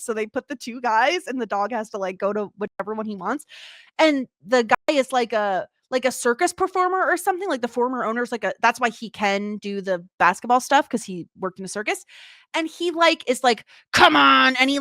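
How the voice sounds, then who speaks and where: A woman's voice: a little high, no room sound. Chatty woman co-host, dry close mic. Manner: chatty, animated storytelling with laughs. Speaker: podcast co-host. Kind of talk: casual chat.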